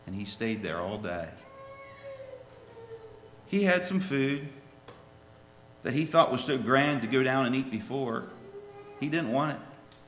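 A man preaching a sermon and telling a children's story, swinging from soft, low asides to loud, high pleas. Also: expressive, slow pace, pauses often, faint music behind. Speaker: lay preacher. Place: church. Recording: echoey hall with faint ambience.

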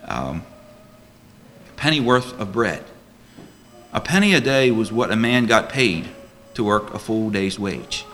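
Male deacon preaching in church; ringing tone, animated rise and fall, pressing the congregation with questions. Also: lowish voice, a little hiss or hum. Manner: earnest, rhetorical questions, emphatic. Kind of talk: sermon.

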